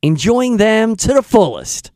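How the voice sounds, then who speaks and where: A man hosting a radio show, talking in an excitable, self-deprecating way. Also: high-pitched, a little slow, no room sound, clean studio sound. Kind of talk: casual radio chat.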